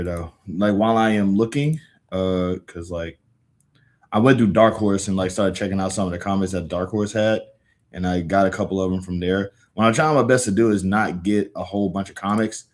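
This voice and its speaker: A man hosts a livestream where he reads comics aloud and chats about them in a rambling, laid-back way, full of fillers and restarts. His voice sits low, brisk and a little mellow.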